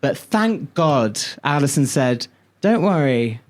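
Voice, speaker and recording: Brief: male podcast co-host, animated and sweary, chatting casually in a studio. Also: on the high side, slow pace. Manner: animated, swears freely, storytelling. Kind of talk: casual chat.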